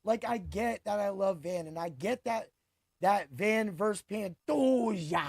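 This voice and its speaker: High, gravelly man in his forties hyping picks. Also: expressive, darkish tone. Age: 40s. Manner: hyped, boastful, rapid bursts of emphasis. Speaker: podcast host and fight picks analyst. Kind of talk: casual sports commentary.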